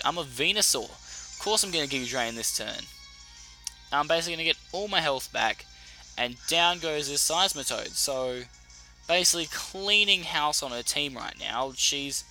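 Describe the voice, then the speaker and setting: A young Australian man commentating a game battle casually, animated and profane, often correcting himself. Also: on the high side. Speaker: YouTuber. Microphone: desk mic.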